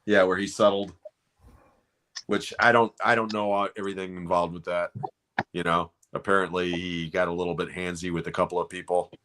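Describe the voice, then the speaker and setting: A man with a very low voice chatting casually on a livestream. He rambles on with opinions, peppering his talk with "you know". He sounds relaxed and unhurried. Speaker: livestream co-host. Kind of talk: casual chat.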